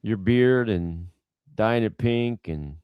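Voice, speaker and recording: A man co-hosting a livestream, reading viewer messages and teasing the host with quick, chuckling comebacks. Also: on the low side, clear, resonant tone, no echo, muffled recording. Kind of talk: casual livestream chat.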